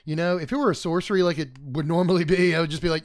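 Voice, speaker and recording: A man's voice: a little high, steady tone, very fast. A man hosting a casual livestream card review, talking animatedly, chuckling often and chatting with his viewers. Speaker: host.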